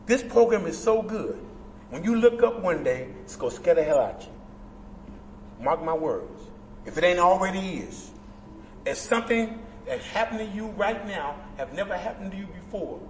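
A man giving an impassioned, preacherly share as a convention speaker, emphatic and at times shouting. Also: high voice, animated, moderate pace, a little hiss or hum. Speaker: guest speaker at a recovery convention. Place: large indoor convention hall. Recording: echoey hall, from far off.

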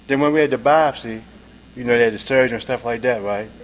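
At a recovery meeting, a man shares his personal testimony in a casual, fast-talking way, sprinkling in "man," "right?" and "you dig?" He swings between soft, low passages and louder, emphatic ones, over poor audio with slight background noise.

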